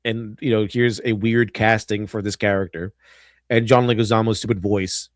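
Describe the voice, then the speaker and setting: A man's voice: on the low side, flat delivery, moderate pace, no echo, studio quality. A man hosting a stream, rambling through casual film commentary in a sarcastic tone, full of fillers and restarts. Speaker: stream host.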